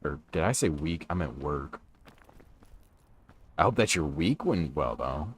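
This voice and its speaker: Young male gaming streamer, low voice, relaxed chatty delivery, home stream mic. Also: measured pace, husky. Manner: laid-back, chatty, greets viewers while playing. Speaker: livestreamer. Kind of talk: casual gaming livestream chat. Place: his room at home. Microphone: stream microphone.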